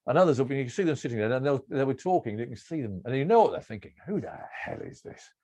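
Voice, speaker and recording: A middle-aged man telling relaxed anecdotes as an interview guest, rambling and self-deprecating with restarts and chuckles. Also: mid-range voice, racing. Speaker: cricket broadcaster, interview guest.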